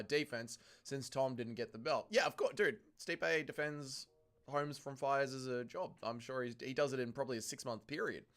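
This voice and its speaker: Joking Australian livestream host. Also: male voice, mid-range voice. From Melbourne, Australia. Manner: joking, crude, lively banter with chat. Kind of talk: casual livestream chat, reading viewer comments.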